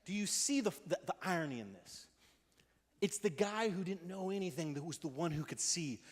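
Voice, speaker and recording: A man gives a lively, conversational youth sermon in a church, his voice sitting fairly high for a man. The big hall carries a long reverb behind every phrase. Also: moderate pace. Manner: energetic and conversational, acting out quotes in voices. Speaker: youth pastor.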